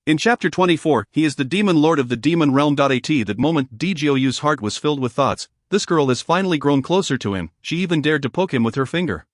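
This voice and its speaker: A male narrator reads a fantasy tale in an even, formal manner. His voice sits slightly high and is recorded dry and close, with no room sound. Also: brisk, hardly any pauses, no echo. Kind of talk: scripted storybook narration.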